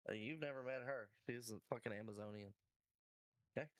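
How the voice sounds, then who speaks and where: A man co-hosting a podcast who talks in a profane, offhand, joking way while high. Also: a little fast. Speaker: podcast co-host. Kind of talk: casual chat.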